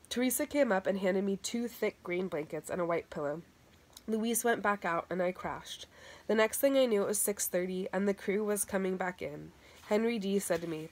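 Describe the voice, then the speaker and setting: A woman narrating a first-person story aloud in a steady reading voice, sometimes restarting a word. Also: mid-range voice, a little fast. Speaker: audiobook reader.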